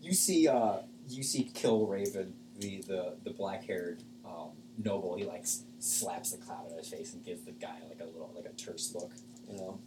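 A man's voice: sits low, moderate pace, background noise. A man narrating a tabletop game as game master, casual and rambling with many fillers. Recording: echoey room, far from mic.

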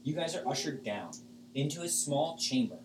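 A man's voice: mid-range voice, lively intonation, normal speed, noisy background. A man narrating a tabletop game as game master, casual and rambling with many fillers. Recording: echoey room, far from mic.

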